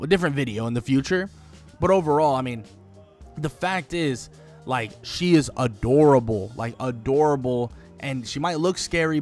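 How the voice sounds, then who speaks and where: A man giving casual video commentary on a game, rambling and enthusiastic, full of "like" and quick self-corrections. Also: mid-range voice. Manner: rambling and enthusiastic, heavy use of "like", corrects himself. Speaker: gaming video creator.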